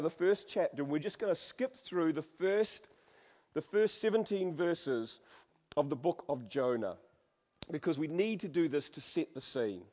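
Male preacher, high voice, dramatic and humorous, long hall reverb. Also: a little mellow. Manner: dramatic, humorous, varies voice for quotes. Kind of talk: sermon with Bible reading.

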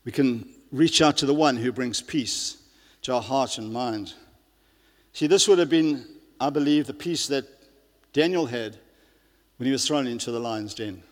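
A man's voice: medium pitch, measured pace, pauses often. A male pastor giving an earnest sermon, often restarting his sentences and using fillers. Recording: long reverb of a large hall.

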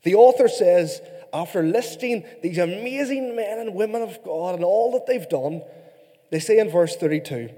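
Irish-born preacher guy, highish mellow voice, lively and joking with the crowd, echoey hall. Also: moderate pace. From Ireland. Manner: animated, playful with the congregation. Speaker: pastor. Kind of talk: sermon. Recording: reverberant hall.

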